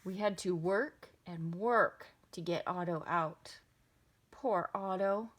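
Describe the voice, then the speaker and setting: A woman reading a children's picture book aloud with expressive, sing-song delivery. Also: fairly low pitch, takes it slowly. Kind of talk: children's storybook read-aloud.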